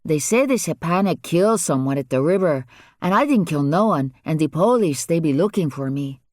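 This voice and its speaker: A man's voice: fairly high pitch, animated, normal speed, no echo, studio quality, natural voice. A man voicing a frightened young Hispanic man on the run, speaking broken English with a heavy Spanish accent. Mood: nervous. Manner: broken English, nervous and evasive.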